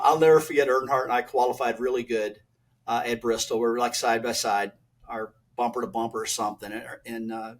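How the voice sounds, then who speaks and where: An older man, a retired race driver, telling animated stories as a podcast guest and acting out old exchanges in a blunt, folksy way. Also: mid-range voice. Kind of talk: animated storytelling.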